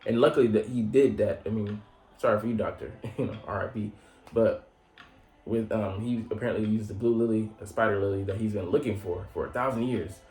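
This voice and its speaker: Low-voiced guy rambling thru an anime recap, lots of cussing and um you know, roomy echo. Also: fairly even intonation, brisk, a little mellow. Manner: rambling, profane, full of fillers. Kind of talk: casual episode recap. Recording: echoey room with faint music.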